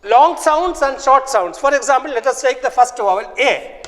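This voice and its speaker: A man teaching a phonics lesson, repeating sounds and example words slowly and with care. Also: very high voice, animated, fairly bright tone, in a large hall. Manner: slow, repetitive, drills words aloud. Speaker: English teacher.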